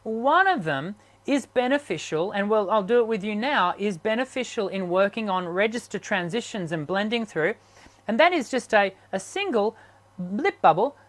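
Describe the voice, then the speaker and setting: A man hosting a live online chat as a singing teacher, his voice strained from sickness, talking haltingly with many ums and restarts. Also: high-pitched, lively intonation, fairly bright tone. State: sick, strained voice.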